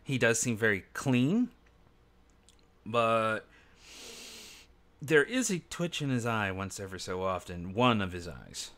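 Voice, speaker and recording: A man's voice: lowish voice, takes it slowly, pauses often. A man running an online tabletop role-playing game on stream, talking casually with fillers and frequent laughs. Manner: relaxed, laughs often, trails off with fillers. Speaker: game master.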